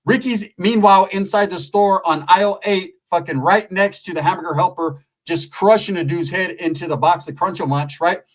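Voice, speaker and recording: A man telling a rambling street story in a profane, animated way, tagging his lines with "right?". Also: high-pitched, normal speed, hardly any pauses, rough recording.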